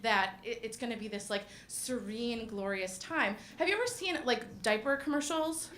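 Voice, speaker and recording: Young woman stand-up, bright and giggly, self-interrupting, roomy club echo. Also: fairly high pitch, normal speed, a little hiss or hum. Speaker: stand-up comedian. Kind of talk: stand-up comedy. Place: comedy club stage. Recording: roomy echo of a comedy stage.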